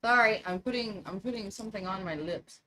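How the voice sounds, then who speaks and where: Middle-aged Southern woman, livestream host, animated, laughs a lot, mid-pitched. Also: a little fast, slight background noise, poor audio. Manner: animated, laughs often, greets viewers. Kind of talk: casual live chat.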